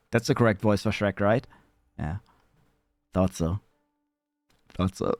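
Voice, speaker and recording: A man chatting casually on a live stream, rambling and swearing, with sudden squeaky high bits. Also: measured pace, pauses often, a little mellow, no echo, studio quality, soft background music.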